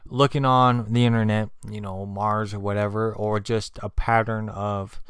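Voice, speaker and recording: A channel host with a lowish, level voice speaks at normal speed, his tone a bit bright, clear and resonant in a dry, studio-quality recording. Chatting casually about spiritual topics on his livestream, he rambles with many fillers and restarts while sucking on candy.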